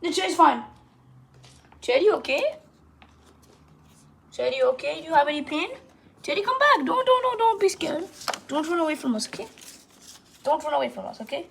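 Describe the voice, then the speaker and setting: A woman's voice: sits high, big pitch swings, a little fast, creaky, long pauses, slight background noise. A woman at home filming her pet bird on a handheld phone, talking to it in a coaxing, sing-song way. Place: indoors at home. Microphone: handheld phone camera.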